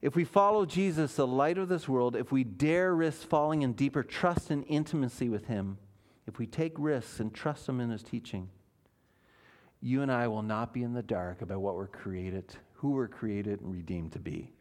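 A man's voice: mid-range voice, moderate pace, darkish tone. A man, a pastor, preaching a sermon in church, earnest and emphatic, asking his listeners questions.

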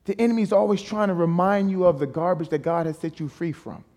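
A guest preacher delivers a sermon in a voice high for a man, steady and darkish, at a fairly quick pace. He preaches emphatically, firing rhetorical questions and repeatedly calling on the congregation to answer back.

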